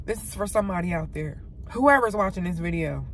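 A woman talking to camera in her parked car, tearful and heartfelt, swinging between loud exclaiming and soft, near-whispered words. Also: lowish voice, quick pace, faint music behind. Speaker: vlogger. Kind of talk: emotional faith vlog, talking to camera.

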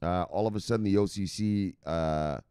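A man's voice: deep voice, normal speed, warm tone, clear, resonant tone, dry recording, studio quality. An American man hosting a crypto news show in casual, profane, rambling commentary with mock dramatic voices.

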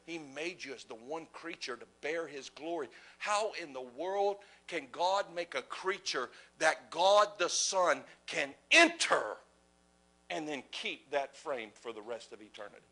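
Passionate gravelly male preacher. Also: fairly high pitch, lively intonation, unhurried, rough recording. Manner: passionate, swings from shouting to hushed whispers; asks the audience rhetorical questions. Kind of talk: sermon.

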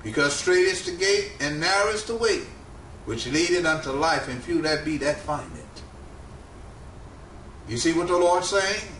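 Preacher man, slow and emphatic, bright voice bouncing around a big echoey room, mic kinda far off. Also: on the high side, animated, slight background noise. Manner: slow, emphatic preaching with rising and falling cadence. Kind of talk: sermon. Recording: echoey room, mic at a distance, faint ambience.

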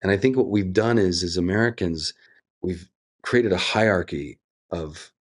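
A middle-aged man speaking as a guest in an interview, earnest and thoughtful, with lively quoted asides. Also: deep voice, moderate pace. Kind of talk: reflective interview conversation.

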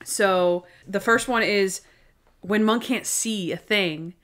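A woman's voice: mid-range voice, takes it slowly. Laughing woman podcast co-host. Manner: animated, laughs often while retelling scenes. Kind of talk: casual podcast chat.

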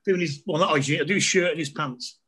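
A man's voice: fairly high pitch, quick pace, pushed and bright, slightly rough. A middle-aged man, a comedian telling funny stories in a casual chat, laughing often and acting out voices. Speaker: comedian guest.

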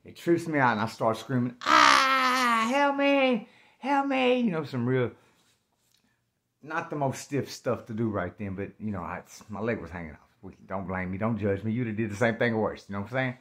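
A man telling a story about himself in slangy, animated speech that jumps into loud acted-out outbursts. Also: fairly low pitch, brisk. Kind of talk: casual spoken storytelling.

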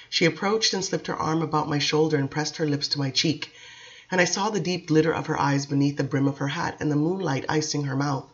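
Brief: woman narrating a novel, measured, expressive delivery, slightly muffled recording. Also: low voice. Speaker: audiobook reader. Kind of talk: audiobook narration.

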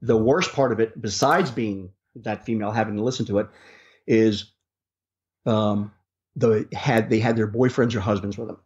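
In a dull, lo-fi interview recording, a man who drives for a rideshare service spins casual stories full of fillers and false starts. He speaks at a moderate pace in a fairly low, steady, slightly mellow voice.

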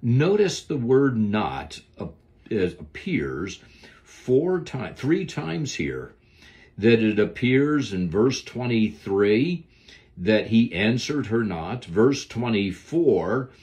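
A man's voice: fairly low pitch, big pitch swings, slow, darkish tone. A man giving a devotional Bible lesson, preaching in an earnest, emphatic way. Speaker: Bible teacher.

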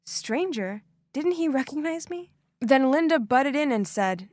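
Expressive young woman storyteller. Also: sits high, unhurried, dry recording, clean studio sound. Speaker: narrator. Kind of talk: scripted first-person story narration.

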